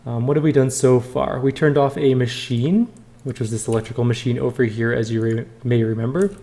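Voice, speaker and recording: A let's play host talks through the game with wry asides in a mellow, warm voice. His pitch sits at a middle level for a man. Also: steady tone, fairly quick. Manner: reads dialogue aloud, wry asides. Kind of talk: casual game commentary.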